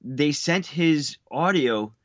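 A man's voice: fairly high pitch, expressive, slow pace, dry recording, muffled recording. A man co-hosting a podcast in casual chat, talking hesitantly with many restarts. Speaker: podcast co-host.

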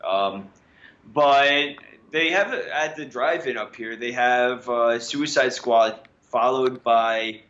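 Male podcast co-host, bright tone, teasing banter, dull lo-fi recording. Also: mid-range voice, slow. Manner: jokey, teasing. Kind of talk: casual chat. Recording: dull lo-fi sound.

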